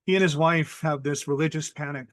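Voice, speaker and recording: Brief: male storyteller from Hawaii, slightly high voice, measured and vivid ghost-story delivery on a dry video call mic. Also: fairly even intonation, dry recording. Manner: measured, vivid, acts out quoted people.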